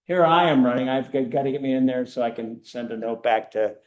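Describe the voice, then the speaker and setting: Older male speaker, animated storyteller with a self-mocking streak, medium pitch. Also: brisk. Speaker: guest speaker. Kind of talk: storytelling talk to a church audience.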